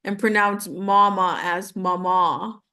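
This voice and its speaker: A woman's voice: medium pitch, steady tone, takes it slowly, sharp tone, clean tone. A woman voice acting student chatting casually with her coach, hesitant and full of fillers. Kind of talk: casual chat.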